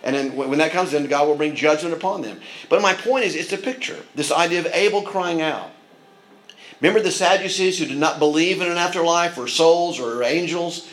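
A man's voice: fairly high pitch, a little fast, a bit bright, poor audio. A man preaching a sermon in an earnest manner, with frequent restarts and asides. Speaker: pastor.

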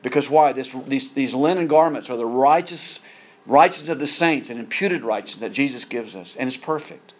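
A man's voice: medium pitch, brisk. A man preaching a sermon in an earnest way, often repeating words as he builds emphasis.

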